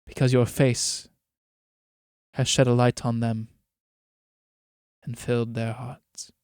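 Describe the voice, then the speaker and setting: A man reading the part of a scheming merchant who buys souls, speaking in a measured, coaxing way. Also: medium pitch, level tone, darkish tone, clear, resonant tone, dry recording, studio quality, pitched below the performer's own voice, lightly acted. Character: scheming soul-buying male merchant, cold and persuasive.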